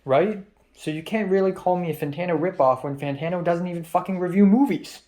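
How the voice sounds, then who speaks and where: A young man from Hong Kong with a slightly high voice talks to his vlog audience. He rambles loosely, breaks off mid-sentence and swears freely. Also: fairly quick, warm tone. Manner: rambling, heavy swearing, restarts. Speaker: YouTube vlogger. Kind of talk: casual vlog rant.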